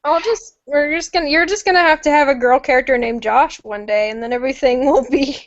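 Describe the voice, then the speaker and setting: A young woman from Nashville with a high voice leads a jokey book club chat. She talks quickly and giggles often. The sound is a dry, muffled video-call feed. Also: no room sound. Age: young adult. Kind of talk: casual book discussion on a live video call. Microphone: computer mic on a video call.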